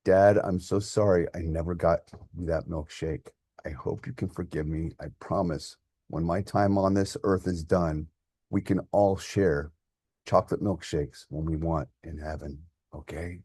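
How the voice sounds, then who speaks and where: A man's voice: deep voice, fairly even intonation, measured pace, mellow, slightly rough, dry recording, clean studio sound. A man voicing a grown son, raw and emotional, who is angry at his father and later tender with him.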